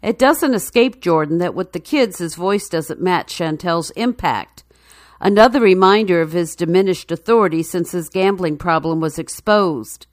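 Female narrator for a news feature: low voice, dry close sound, measured and even. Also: no echo.

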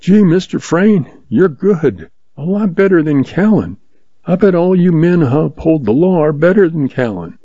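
A man voicing an eager young boy, high and excited, in a storybook reading with a dull, lo-fi sound. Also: normal speed, no room sound. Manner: admiring, excited.

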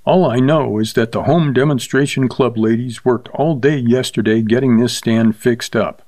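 A man's voice: mid-range voice, steady tone, normal speed, natural voice. A man voicing an angry young woman in her twenties who speaks sharply. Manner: sharp, accusing. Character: sharp-tongued young woman running a refreshment stand.

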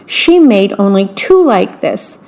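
A kind, calm old grandmother in a storybook reading, voiced by a woman narrator. She speaks slowly and gently, always reassuring. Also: medium pitch.

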